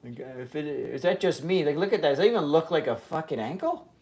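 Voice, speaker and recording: Profane rambling man with lively pitch. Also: fast talker, breathy edge. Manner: profane, rambling, trailing off mid-sentence. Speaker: fitness livestream host. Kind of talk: casual livestream rant.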